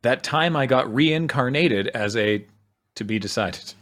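A man's voice: mid-range voice, a bit bright. Laughing man reading listener jokes. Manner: chatty, laughs often, quick asides. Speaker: podcast co-host. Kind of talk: casual group chat reading listener suggestions.

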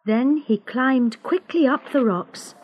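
A woman reading a storybook aloud, slow and careful, giving each character a voice. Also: sits high, a little mellow. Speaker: narrator. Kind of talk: scripted storybook narration.

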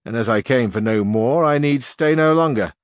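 A man's voice: mid-range voice, normal speed, no echo, studio quality, natural voice. A man voicing a harsh demon courier. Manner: harsh, discordant, formal.

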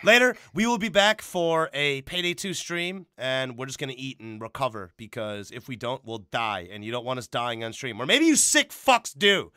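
A man's voice: mid-range voice, animated, moderate pace, few pauses, pushed and bright, clear, resonant tone, no room sound, studio quality. A man hosting a casual podcast, rambling and cursing freely. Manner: profane, rambling. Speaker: podcast host. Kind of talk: casual chat.

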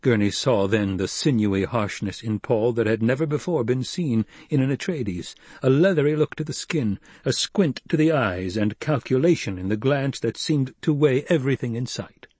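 Brief: male audiobook narrator, measured storytelling, mid-pitched, slightly breathy tone. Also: animated, darkish tone, no room sound.

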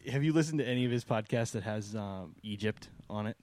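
A man's voice: fairly low pitch, brisk, darkish tone, no room sound. A man co-hosting a casual podcast, ranting and laughing about wrestling. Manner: ranting and laughing, mimics voices. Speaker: podcast co-host. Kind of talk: casual chat.

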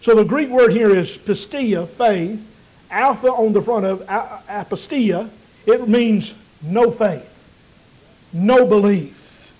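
Pastor, man, very high voice, preacherly swells and hushes. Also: slow pace, rough recording. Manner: preacherly, rising to emphatic peaks then dropping low and quiet. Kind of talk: sermon.

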